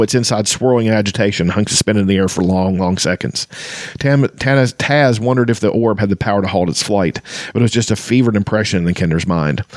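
A man's voice: fairly low pitch, a little mellow, no echo, studio quality. A man reading passages of a fantasy novel aloud and chatting about them, with frequent ums and restarts. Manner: halting, many ums and restarts. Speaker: podcast host discussing a fantasy novel. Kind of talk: reading aloud and casual commentary.

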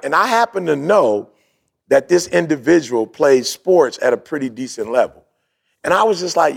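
A man's voice: a little high, creaky. A man co-hosting a podcast, casually telling a story with slang and acting out quoted talk. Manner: animated storyteller, acts out quoted dialogue; uses street slang, "yo, bro". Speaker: podcast co-host. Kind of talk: casual chat.

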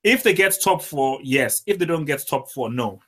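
Man, slightly high voice, incredulous, pushy, football banter. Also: animated, moderate pace, a bit bright. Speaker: podcast co-host. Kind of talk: casual sports chat.

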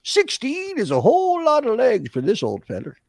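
A man's voice: extremely high pitch, huge pitch swings, moderate pace, vocal fry, darkish tone, no echo, studio quality, voice pushed up, heavily acted. Man doing a folksy old spider feller. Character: old male sixteen-legged spider fellow, folksy.

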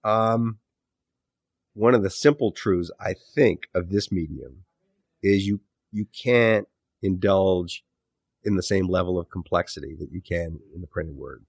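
Thoughtful low-voiced man, dry sound. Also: unhurried, gravelly, breathy edge, no room sound. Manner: thoughtful, rambling, frequent self-corrections. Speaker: author and podcast host, interview guest. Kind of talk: casual interview talk.

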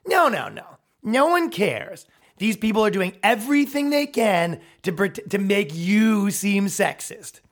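A man in his thirties hosting a podcast, ranting in a heated, profane, comedic way and mimicking people in quick put-on voices. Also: sits high, very animated. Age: 30s. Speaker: podcast host.

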